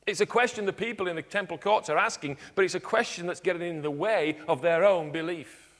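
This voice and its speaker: A man preaching a sermon in church, earnest, dropping to quiet emphatic points. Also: sits high, a little fast. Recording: long hall reverb.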